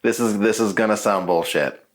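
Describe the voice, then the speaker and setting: A man paranormal investigator talking casually in a halting, hesitant way during a ghost hunt. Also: on the low side. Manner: halting, hesitant, often restarting sentences.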